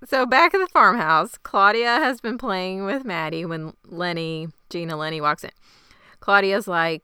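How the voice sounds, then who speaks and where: A woman's voice: mid-range voice, unhurried, sharp tone, smooth, no echo, clean studio sound. A woman recapping a TV show in casual chat, wry and matter-of-fact.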